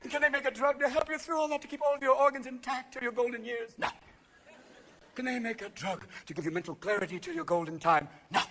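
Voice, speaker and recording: A man in his fifties performing stand-up comedy, switching manically between voices and bursting into shouts. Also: very high-pitched, fast talker. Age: 50s. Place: theater stage before a laughing audience. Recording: live theater recording with audience noise.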